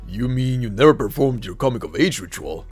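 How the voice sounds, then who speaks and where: A man's voice: mid-range voice, animated, a little fast, darkish tone, slightly rough, faint music behind. A man voicing an ancient ghostly king who speaks formally and solemnly, in a fan audio drama. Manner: stately, old-fashioned phrasing.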